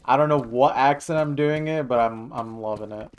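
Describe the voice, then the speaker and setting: A man's voice: mid-range voice, moderate pace, slight background noise. A man streaming live, chatting casually and jokily while reacting to his chat. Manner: rambling, jokey, reacting to chat.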